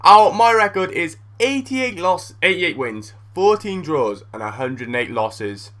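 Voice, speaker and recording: A young man giving casual gameplay commentary as a gaming YouTuber, blunt and excitable, swearing freely. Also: high voice, measured pace.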